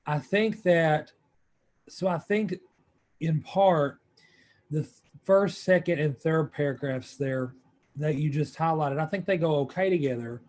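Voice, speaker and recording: A man's voice: a little high, unhurried, darkish tone. A man in a video-call meeting giving his view, thinking aloud with restarts and hesitations. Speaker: meeting participant. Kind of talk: online group meeting discussion.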